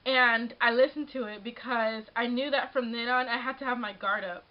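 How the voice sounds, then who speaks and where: A young woman with a high, bright-pitched voice tells a story in a casual vlog. She sounds animated and exasperated and keeps saying "like". The audio is dull and lo-fi, as from a webcam. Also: moderate pace. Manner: animated, exasperated, frequent laughs and "like". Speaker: vlogger.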